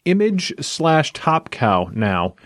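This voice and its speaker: A man co-hosting a comic book podcast, moving briskly between segments in casual chat. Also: a little high, big pitch swings, no room sound, studio quality.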